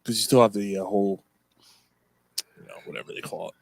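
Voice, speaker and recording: A man's voice: lowish voice, steady tone, a little fast, gravelly, darkish tone, no echo. A man co-hosting a podcast, telling stories in a rambling way with lots of fillers and swearing. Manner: rambling storyteller, swears often, many fillers. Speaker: podcast co-host. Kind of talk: casual pub-style chat.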